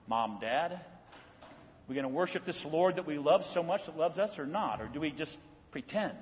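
A male pastor delivers a sermon in a high voice, mixing folksy, homespun stories with earnest, quiet appeals. The sound rings with the long reverb of a large hall. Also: lively intonation, moderate pace. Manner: storytelling, folksy, dropping low for earnest points.

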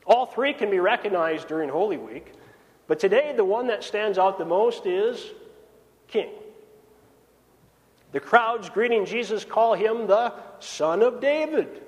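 A man preaching a sermon, swinging between raised emphasis and hushed, drawn-out phrases. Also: high-pitched. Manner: dramatic swings from loud to hushed. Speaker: pastor. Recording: long reverb of a large hall.

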